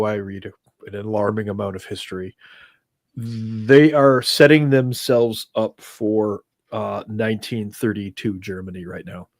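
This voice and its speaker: A man co-hosting a casual livestream, chatty and quick to laugh. He wanders into long asides in a mid-range voice. The sound is dry and close to the mic. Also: medium pitch, dry recording. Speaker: livestream co-host.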